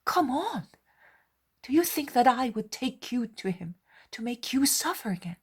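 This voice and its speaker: An adult fisherman coaxes his reluctant brother along with steady reassurance, as a woman reader puts him on. The voice is raised well above her usual tone. A breathy, husky texture runs through it. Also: on the high side, a little slow, voice pushed up, full character voice. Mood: coaxing. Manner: coaxing, reassuring.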